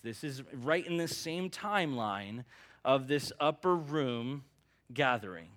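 A man's voice: medium pitch, expressive, moderate pace, a bit bright. A male pastor preaching a sermon in an earnest, emphatic, conversational way.

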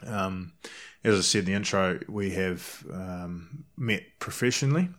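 A male podcast host with a very deep, low voice. He talks in a relaxed, hesitant way, leaning on fillers as he leads the chat. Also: a little slow. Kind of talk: casual interview chat.

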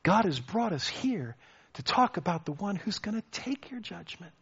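An urgent ancient apostle, as a preacher acts him out calls out with a wide, swinging voice that pushes up high. The recording sounds dull and lo-fi. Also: male voice, sing-song, normal speed, fairly bright tone, breathy edge, full character voice.

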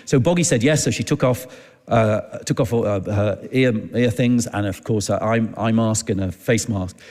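A man preaching, telling a personal story in a chatty, halting way and acting out the dialogue. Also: fairly low pitch, darkish tone. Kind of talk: anecdotal sermon storytelling. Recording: long hall reverb.

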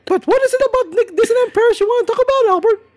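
A man voicing a sassy young woman who reports on theme parks, in a squeaky voice with snippy comebacks. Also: rapid-fire, darkish tone. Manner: rude, snippy comebacks, giggly.

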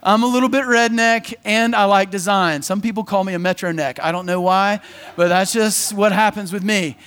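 Man, high voice, pastor, conversational sermon, energetic, playful asides. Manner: energetic, conversational preaching with quick acted asides.

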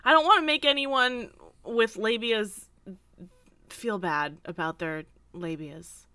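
A woman's voice: a little high, slow, sharp tone, clean tone, dry recording. A woman co-hosting a podcast, playful and giggly, trading crude jokes. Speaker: podcast co-host. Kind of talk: casual chat.

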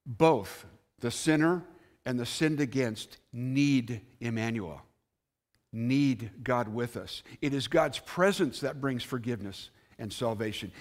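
A man preaching a sermon as pastor, earnest, rising on key words and then dropping softly. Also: medium pitch. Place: church sanctuary.

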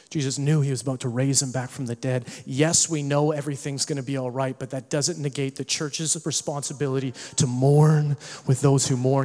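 A man preaching a sermon as pastor, animated, swinging between hushed tones and shouting, with joking asides to the congregation. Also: mid-range voice, fairly quick, hardly any pauses. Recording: long hall reverb.

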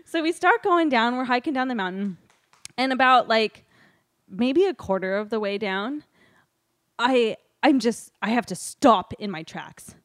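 A woman's voice: fairly high pitch, a little slow, no room sound, clean studio sound. A woman casually telling a personal story, laughing often and acting out the dialogue. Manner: laughing often, animated retelling with quoted dialogue.

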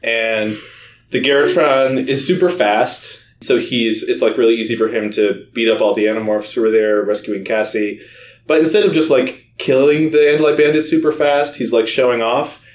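A man's voice: mid-range voice, steady tone, normal speed. Man recapping a plot in an echoey room. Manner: chatty, sarcastic, laughing as he goes. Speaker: podcast co-host.

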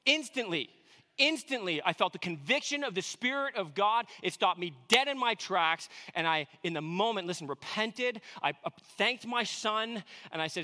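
A man in his thirties preaching a sermon, telling a family story with earnest warmth and some self-deprecating humor. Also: high-pitched, animated, normal speed. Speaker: pastor.

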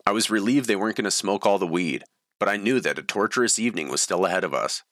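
A man's voice: low-pitched, fast talker, fairly bright tone, no room sound, clean studio sound. A man reading his own story aloud in a plain, matter-of-fact way. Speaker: memoir reader.

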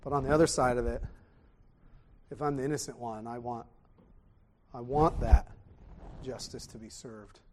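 A man preaching a sermon, animated, swinging from loud exclamations to hushed tones. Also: medium pitch, moderate pace, long pauses, a little hiss or hum.

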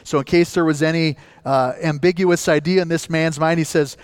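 A man's voice: a little high, fairly even intonation, moderate pace, smooth, long reverb tail. A man from northern Minnesota preaching a sermon as pastor, earnest and building up to emphatic points.

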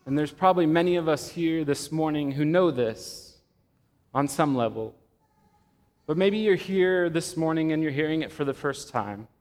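A man preaching a sermon to a church congregation, slow and measured, with dramatic pauses and swelling emphasis. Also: fairly high pitch. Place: church sanctuary. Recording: long reverb of a church hall.

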